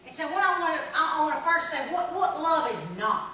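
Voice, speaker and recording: Woman pastor, folksy sermon with sudden shouts, high bright voice, echoey church from far off. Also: a little fast, a little hiss or hum. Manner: folksy storytelling with animated shouts. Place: church sanctuary.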